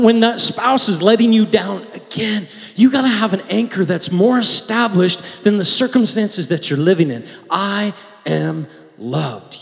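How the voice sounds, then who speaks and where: A man preaching a sermon as pastor, moving between hushed, pleading passages and loud, shouted declarations. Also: high voice, creaky. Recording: long hall reverb.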